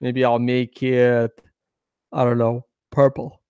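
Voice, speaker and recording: A man's voice: medium pitch, completely flat delivery, takes it slowly, mellow, clean tone, dry recording, highs cut off. A man hosting a casual trading video, talking through charts in a rambling way, with many fillers and restarts. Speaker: crypto trading video host. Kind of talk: casual chart analysis commentary.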